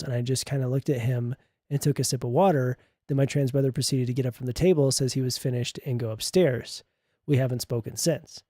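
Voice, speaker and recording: A man's voice: medium pitch, fairly even intonation, brisk, dark tone, no echo, clean studio sound. A man streamer reading online posts aloud and reacting with sarcastic remarks, frequent laughter and swearing.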